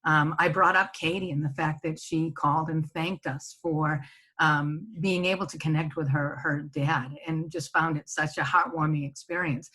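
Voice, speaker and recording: Working from her home office, a middle-aged woman who presents on senior living gives a conversational webinar, often checking in with "right?" after her points. Her voice is low-pitched and slightly rough, with a sharp tone, fairly even intonation, and a moderate pace.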